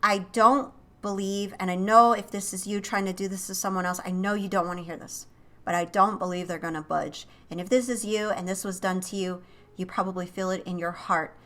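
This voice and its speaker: A woman reading tarot for her viewers in a bright, forceful voice. She is emotive and breaks in with exclamations as she channels what she senses. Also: mid-range voice, fairly even intonation, a little fast. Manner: emotive, exclaiming as impressions come in. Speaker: tarot reader and psychic channel. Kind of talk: intuitive tarot reading to camera.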